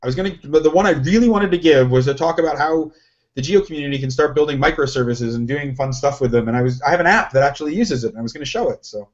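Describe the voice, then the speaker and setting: A man's voice: a little high, fast talker. A man talking casually as a podcast co-host, rambling and questioning himself, with many restarts. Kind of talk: casual chat. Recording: lo-fi, dull sound.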